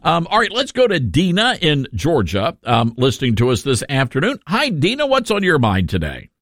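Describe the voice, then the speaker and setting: A chatty middle-aged radio host with a Tennessee Southern twang, upbeat and quick to laugh. His voice sits a little high and swings widely in pitch. The sound is close and dry, with no room around it. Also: huge pitch swings, fairly bright tone, no echo. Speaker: radio talk show host. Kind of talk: call-in radio chat.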